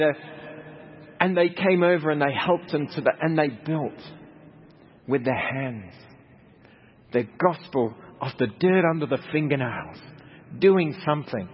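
Australian man telling stories in a hall. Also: mid-range voice. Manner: conversational, anecdotal with humorous asides. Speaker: missionary speaker. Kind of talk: storytelling talk to a congregation. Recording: dull lo-fi recording with hall reverb, faint noise.

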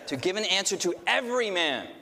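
Pastor preaching in a reverberant hall. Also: male voice, sits high, very animated, fairly quick, vocal fry, bright, forceful tone. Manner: leads the congregation in call-and-response; self-deprecating humor. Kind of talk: sermon.

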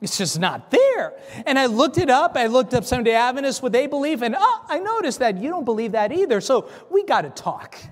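A man telling a story in a sermon, animated, acting out dialogue, with frequent stammering restarts. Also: very high-pitched, fast talker, few pauses, long reverb tail. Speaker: preacher. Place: church.

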